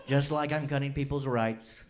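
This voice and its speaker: A man's voice: mid-range voice, fairly even intonation, normal speed, heavy background noise, natural voice. Mock impression of a boastful older politician, done by a young male comic. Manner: mock-presidential, addresses the crowd as folks. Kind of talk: stand-up impression.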